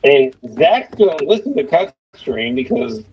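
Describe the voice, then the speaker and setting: A man hosting a livestream in casual banter, talking slowly with lots of swearing and laughter. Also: a little high, sing-song, dull audio, slight background noise. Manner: slow, laughing, profane. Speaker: livestream host.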